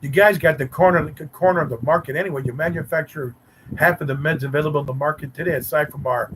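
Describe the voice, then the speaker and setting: A man's voice: on the high side, fairly even intonation, fast talker, fairly bright tone, slight background noise, rough recording. Teasing man hosting a live stream. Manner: teasing, sarcastic banter with chat viewers. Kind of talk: casual live-stream chat.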